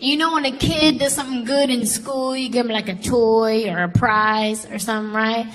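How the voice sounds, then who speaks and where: A woman's voice: on the high side, fairly even intonation, normal speed, fairly bright tone. A woman doing a stand-up comedy routine on stage, telling stories and acting out childhood voices. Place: comedy stage before a live audience. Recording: live show with crowd and noise.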